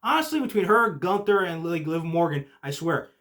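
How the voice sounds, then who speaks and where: A young man hosting a casual podcast recap, excitable and full of "like" and "literally", swinging from low muttering to shouting. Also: normal speed. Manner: heavy use of filler like "like" and "literally". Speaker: podcast host.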